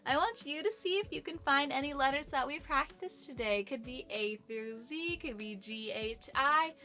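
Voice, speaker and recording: A woman's voice: high-pitched, lively intonation, normal speed, pushed and bright. A young woman teaching a children's phonics lesson, encouraging and sing-song, praising often.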